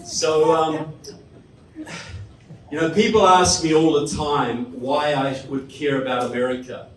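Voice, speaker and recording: A man's voice: fairly high pitch, steady tone, unhurried. A New Zealand-accented man addresses a crowd, throwing questions at the room and landing wry jokes. His voice comes from a distance in a reverberant hall, with a faint hum underneath. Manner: jokey, rhetorical, asks the crowd questions. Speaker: guest speaker. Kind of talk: public speech to a live audience. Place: hall with audience. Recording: roomy hall from a distant mic.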